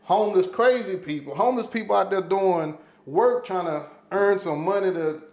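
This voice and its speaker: A man's voice: sits high, moderate pace, echoey room. A man telling a story in casual podcast chat, cursing freely and acting out what people said. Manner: profane, animated storyteller, acting out quotes. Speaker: podcast guest.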